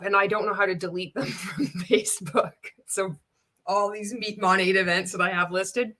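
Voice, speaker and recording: A woman's voice: mid-range voice, fairly even intonation, moderate pace, bright, forceful tone. A woman giving casual reaction commentary as a vlogger, blunt and sarcastic, swearing often and laughing between remarks.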